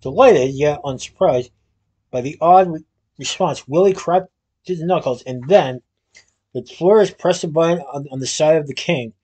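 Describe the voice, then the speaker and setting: A man reading a children's storybook aloud at a steady pace, occasionally restarting a phrase. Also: on the high side, moderate pace, breathy edge. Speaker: storybook reader.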